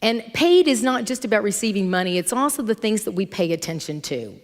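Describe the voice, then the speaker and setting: A middle-aged woman minister giving a sermon in a church, telling stories in an animated, conversational way. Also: medium pitch, a little fast. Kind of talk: sermon with storytelling. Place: church sanctuary. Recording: long hall reverb from church.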